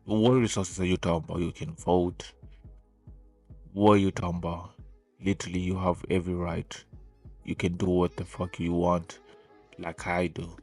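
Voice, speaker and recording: A man with a very low, deep voice reacting to a clip in casual commentary. He sounds incredulous and exasperated, firing off rhetorical questions and cursing freely. Soft music plays faintly behind him. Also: flat delivery, moderate pace, pauses often. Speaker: reaction video host.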